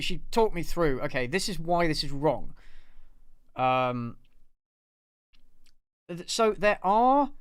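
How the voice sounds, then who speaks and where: A man's voice: on the high side, a bit bright, clean tone, no echo. A man hosting his channel, talking through a film review in a casual, rambling way with fillers and the odd swear word. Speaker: channel host. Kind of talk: live review discussion.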